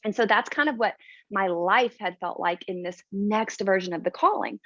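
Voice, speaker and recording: A woman's voice: fairly high pitch, no echo, lo-fi sound. A woman sharing her personal story on a video call in a casual, chatty way, with lots of "like" and "um.". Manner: chatty, full of "like" and "um".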